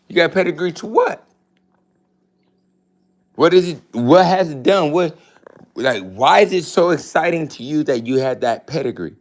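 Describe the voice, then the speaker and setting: A dog breeder talks straight at the camera in a blunt, swearing, boastful rant. His voice sits a little high for a man, and he mocks his rivals as he goes. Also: big pitch swings, slow pace, long pauses, fairly bright tone.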